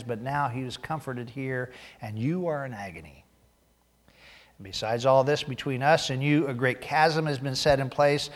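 A man preaching a sermon, reading scripture aloud and growing loud and emphatic as he drives points home. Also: mid-range voice, moderate pace, long reverb tail. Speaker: pastor.

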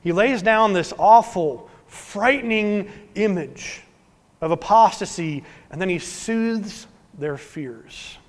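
A man preaching a sermon as pastor, earnest, swinging from emphatic to hushed. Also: sits high, animated, slow pace. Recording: long hall reverb.

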